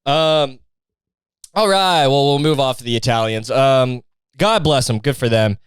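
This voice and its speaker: A man's voice: medium pitch, measured pace, smooth, dry recording. A man hosting a comedy podcast, rambling loosely and swearing often. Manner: rambling and profane, lots of fillers. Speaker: podcast host.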